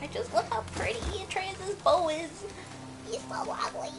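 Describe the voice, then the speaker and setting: A woman's voice: extremely high pitch, normal speed. A woman chatting playfully while watching and advising on a video game. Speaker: co-streamer. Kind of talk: casual gameplay chat. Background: game music.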